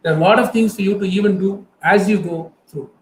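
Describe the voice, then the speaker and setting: A man's voice: sits high, fast, a little hiss or hum. A middle-aged man with an Indian English accent, giving an earnest motivational talk and speaking directly to his audience. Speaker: guest speaker. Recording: echoey room with faint ambience.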